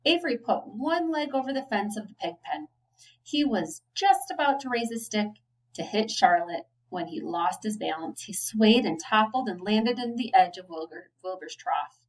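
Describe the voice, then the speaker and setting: A woman, a teacher, reading a children's novel aloud, giving the children's lines a lively lift. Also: medium pitch, normal speed, far from the mic, a little hiss or hum, poor audio. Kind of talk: storybook read-aloud.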